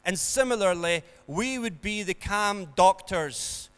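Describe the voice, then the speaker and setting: A man preaching an earnest sermon, rising to emphatic peaks and then dropping soft. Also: sits high, lively intonation, takes it slowly, smooth, long reverb tail.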